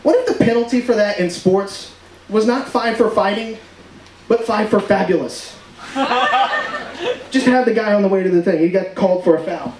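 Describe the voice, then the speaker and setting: High-voiced stand-up comic in echoey club. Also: male voice, normal speed, long pauses, background noise. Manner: loud joking delivery with put-on voices. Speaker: stand-up comedian. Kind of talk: stand-up comedy set. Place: comedy club stage with audience. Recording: echoey room, far mic, crowd laughter.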